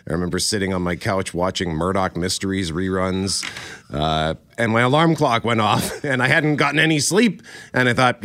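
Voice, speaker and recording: A man co-hosting morning radio, his voice still a touch hoarse after a cold. He tells stories with a lively, swooping pitch and acts out the people he quotes. The studio sound is dry and close. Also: moderate pace, no room sound. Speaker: radio co-host. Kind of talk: casual radio chat. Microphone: studio microphone.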